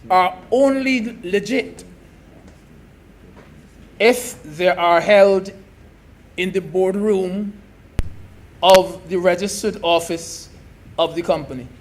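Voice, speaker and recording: High-voiced, slow senator. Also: male voice. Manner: emphatic, repeats key phrases, addresses the chair as sir. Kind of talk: parliamentary debate speech.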